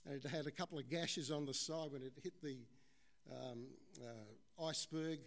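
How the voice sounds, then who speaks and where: A man's voice: a little high, normal speed. A male preacher giving a conversational sermon, addressing the congregation as "folks" and telling stories.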